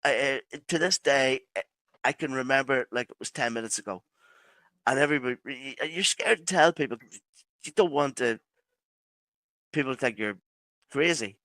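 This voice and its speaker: A man with an Irish accent, a podcast guest telling a personal story in halting phrases with many restarts. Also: mid-range voice, fairly bright tone, no room sound. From Ireland.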